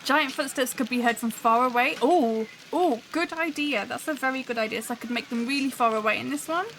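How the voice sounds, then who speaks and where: A woman with a high, somewhat bright voice talks briskly while hosting a livestream and building a soundscape live, chatting, musing aloud, and addressing the live chat. The recording is low quality, with a little hiss or hum.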